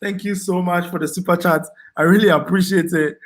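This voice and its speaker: A man's voice: high voice, steady tone, fairly quick. Ghanaian man hosting a casual live chat. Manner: reads out comments and thanks viewers, frequent ums and repeats. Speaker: livestream host reading viewer chat.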